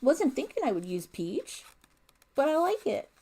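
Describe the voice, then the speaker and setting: A woman's voice: high-pitched, very animated, measured pace, dark tone. A middle-aged woman hosting a crochet livestream from home, chatting casually and reading viewer comments aloud on a desk mic. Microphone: desk mic picking up room sounds.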